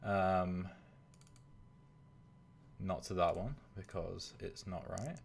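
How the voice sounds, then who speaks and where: A man with a very low voice commentates a tournament on a live stream. He talks casually and rambles, often pausing on filler sounds. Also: creaky, slight background noise.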